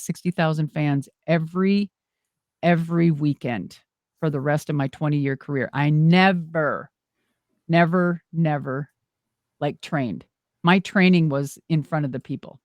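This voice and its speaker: A middle-aged woman telling stories in an interview in a lively, rambling way, acting out the voices she quotes and swearing casually. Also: deep voice, normal speed, no room sound. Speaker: guest, former wrestler and monster truck driver.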